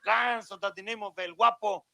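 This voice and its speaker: A man's voice: sits high, steady tone, a little fast, vocal fry, bright, forceful tone, a little hiss or hum, heavily acted. An actor playing a boastful male bandit chief in a comedy film, grandiose and self-important. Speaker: film villain.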